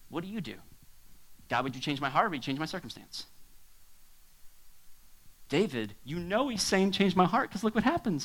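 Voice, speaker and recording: A male pastor preaching a sermon to a congregation, swinging between hushed asides and near shouts. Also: sits high, big pitch swings, moderate pace, long pauses, rough recording. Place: church hall with a congregation.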